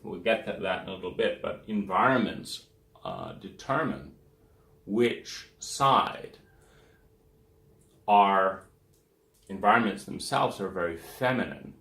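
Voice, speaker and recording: Man, rambling lecture, gravelly voice, echoey room. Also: sits low, animated, slow pace, long pauses, fairly bright tone. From United States. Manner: rambling, filler-heavy, trails off with "da, da, da". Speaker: speaker on relationships.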